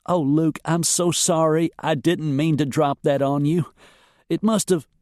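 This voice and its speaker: A man's voice: a little high, fairly even intonation, unhurried, darkish tone, no echo, studio quality, pitched above the performer's own voice, close to an everyday voice. A man voicing a caring, flustered young farm woman in a western audiobook. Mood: apologetic.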